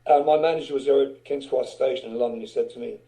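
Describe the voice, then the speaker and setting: A man's voice: medium pitch, fairly even intonation, fast, warm tone, low-quality recording. An older man, a guest musician, telling loose anecdotes in a casual interview, swearing and chuckling as he goes.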